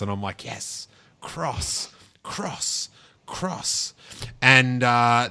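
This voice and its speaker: Male podcast host, bright forceful tone, excitable and joking, casual chat. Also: mid-range voice. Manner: excitable, playful, trailing restarts.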